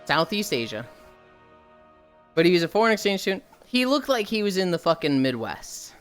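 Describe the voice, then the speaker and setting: A young woman streaming while she walks on a treadmill, telling a story in a casual, animated way with swearing, sounding a little tired. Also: on the low side, normal speed, faint music behind. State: slightly tired from walking.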